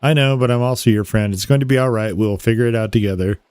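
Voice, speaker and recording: A man reading a calm, caring friend. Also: mid-range voice, fast, clean tone, no room sound, lightly acted. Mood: reassuring. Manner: reads the lines in a plain, calm voice. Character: steady, caring male friend. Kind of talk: reading game dialogue aloud.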